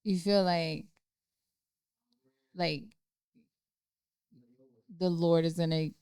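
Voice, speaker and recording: Soft, mellow-voiced woman reflecting gently. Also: lowish voice, steady tone, extremely slow, clear, resonant tone, no echo, clean studio sound. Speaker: podcast guest, coffee roaster. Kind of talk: casual faith conversation. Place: indoors in a cafe.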